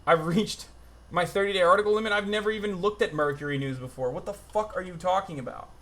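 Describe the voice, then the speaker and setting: A young man runs a live stream from his phone, talking in a rambling, profane way and flaring up in exasperation. His voice sits a little high for a man. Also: fast, a bit bright. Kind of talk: livestream commentary.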